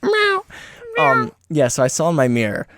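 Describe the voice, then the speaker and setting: A man's voice: mid-range voice, a little fast, a bit bright, no echo, clean studio sound. A young man co-hosting a podcast in casual chat, laughing often and slipping into goofy voices. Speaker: podcast co-host.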